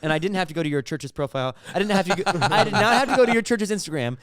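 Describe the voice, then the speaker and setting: Excitable young man, clear and dry. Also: sits high, very fast, dry recording. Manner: excitable, rambling, laughs often. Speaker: podcast co-host. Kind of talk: casual chat.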